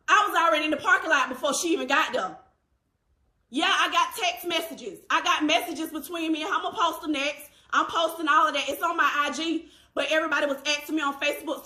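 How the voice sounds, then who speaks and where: High, bright-voiced woman telling her story. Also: roomy sound. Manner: animated, quotes others in their voices, laughs while telling. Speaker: vlogger telling a personal story. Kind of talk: casual storytelling to camera. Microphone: phone.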